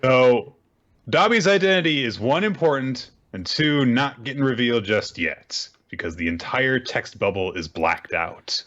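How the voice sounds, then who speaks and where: A man's voice: mid-range voice, a little slow, dull audio. A man co-hosting a casual chat, animatedly retelling scenes and acting out the quoted lines. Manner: animated storyteller who acts out quoted lines. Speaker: podcast co-host recapping manga.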